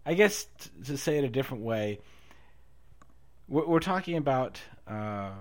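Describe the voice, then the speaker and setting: A man in a casual conversation who reasons out loud, with frequent restarts and laughter. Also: mid-range voice, expressive, moderate pace. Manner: thinks aloud with many fillers and restarts, laughs often.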